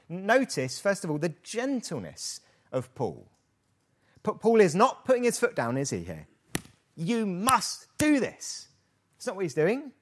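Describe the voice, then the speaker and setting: British male pastor, slow lively sermon delivery, rhetorical tag questions. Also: on the high side. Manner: lively, rhetorical questions, mock-hesitant asides. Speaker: preacher.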